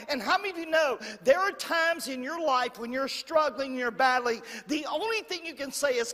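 High-pitched preacher man, keeps repeating lines and asking for amens, echoey church. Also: sing-song, normal speed, few pauses, bright, forceful tone. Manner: preacherly, repetitive, calls for amens. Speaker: pastor. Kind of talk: sermon. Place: church hall. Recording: long hall reverb.

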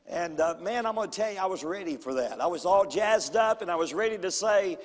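A man delivering a sermon as the pastor, his voice sitting a little higher than most men's. He swings from loud, excited calls to quiet, hushed storytelling. The sound carries a long reverb from the church hall around him. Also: fairly quick.

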